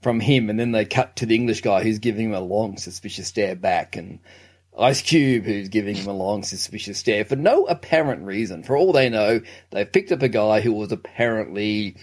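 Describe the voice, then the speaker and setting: A man's voice: lowish voice, moderate pace. Male co-host, mid-range voice, wry and incredulous, stammers into his points. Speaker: film review podcast co-host. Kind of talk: casual chat.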